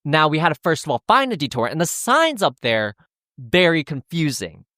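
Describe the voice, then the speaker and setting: A podcast host spins a story in a loose, chatty way, jumping into quoted voices and cursing often. The voice sits at a middling pitch and is recorded close and dry, with no room sound. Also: normal speed, no room sound. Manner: animated, acts out quotes, swears freely. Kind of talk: casual storytelling monologue.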